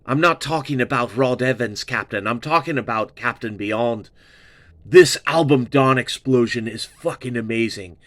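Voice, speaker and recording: A man's voice: mid-range voice, moderate pace, a bit bright, dry recording. A man hosting a casual album review, gushing and swearing, repeating his praise over and over. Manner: gushing, profane, repeats himself. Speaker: music reviewer, show host.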